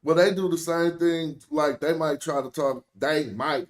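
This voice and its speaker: A man's voice: on the high side, steady tone, a little slow. A young American man with an African American accent, streaming casual, joking commentary in loose slang. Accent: African American English. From United States. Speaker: streamer host.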